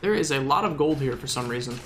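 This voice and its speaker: A man's voice: mid-range voice, lively intonation, quick pace, a little hiss or hum. A man from the Southern US giving rambling, self-mocking gameplay commentary as a gaming video host.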